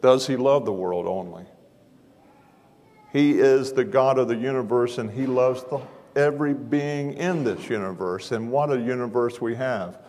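A man's voice: medium pitch, measured pace, a little mellow. A man preaching a sermon in a large church auditorium, folksy and self-deprecating in manner. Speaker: guest preacher. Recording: long hall reverb.

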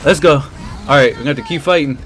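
A man hosting his gaming channel, reacting excitably and exclaiming as he plays. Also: on the high side, quick pace, faint music behind. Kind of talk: live gameplay commentary.

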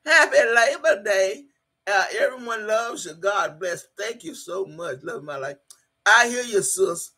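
Loud, profane, laughing woman streamer. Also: mid-range voice, expressive, measured pace, husky. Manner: shouts and hollers in bursts. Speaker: livestream host. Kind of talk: casual live-stream chat reading.

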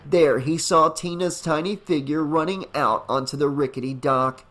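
A man narrating a fan novelization as an audiobook in a dramatic, deliberate reading. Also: fairly high pitch, fairly even intonation, fairly bright tone. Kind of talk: scripted narration.

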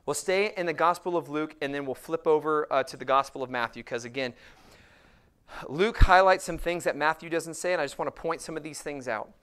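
Smooth-voiced man preaching a sermon. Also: on the high side, fairly bright tone. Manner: preaching with emphatic, slowed scripture quotes. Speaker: pastor.

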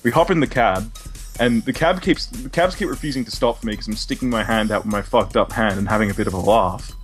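A man's voice: on the low side, fast talker, soft background music. A young Australian man co-hosting a podcast, telling a story in a sweary, laughing way. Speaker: podcast co-host. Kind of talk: casual storytelling chat.

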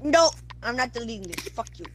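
A woman's voice: on the high side, sing-song, a little fast, slight background noise. A woman gaming with friends, bossy and snapping at them with swears. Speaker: gamer. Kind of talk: casual gaming chatter.

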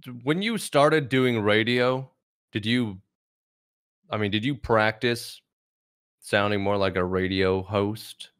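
A man's voice: on the low side, slow pace, long pauses, a bit bright, clean tone. A man hosting a casual podcast who chimes in with laid-back, teasing remarks and questions. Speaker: podcast host. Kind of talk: casual chat.

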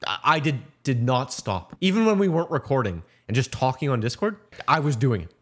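A man's voice: mid-range voice, breathy edge. Upbeat young man narrating a game. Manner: lively storyteller, quick asides. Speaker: video creator narrating gameplay. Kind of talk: casual narration.

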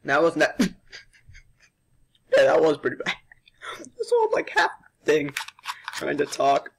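A man's voice: a little high, huge pitch swings, measured pace, gravelly. A young male vlogger doing a sugar challenge, worn out and dramatic, coughing and complaining between words. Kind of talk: casual vlog.

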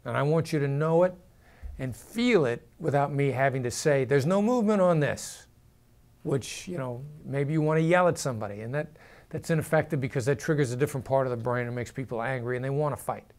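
A former negotiator, a man, explaining negotiation to camera in a measured way, sometimes lowering his voice to show a firm tone. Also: a little mellow. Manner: measured, drops pitch and volume to demonstrate firm downward inflection.

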